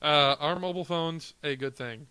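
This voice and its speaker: A young man co-hosting a casual chat show, quick with sarcastic one-liners. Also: on the high side, pushed and bright, clear, resonant tone, no echo. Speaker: podcast co-host. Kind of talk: casual banter.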